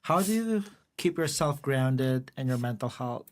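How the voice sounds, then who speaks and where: Male podcast host, polite and encouraging, asks gentle questions. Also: mid-range voice, animated, a little slow. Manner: polite, encouraging, with soft affirmations. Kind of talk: interview.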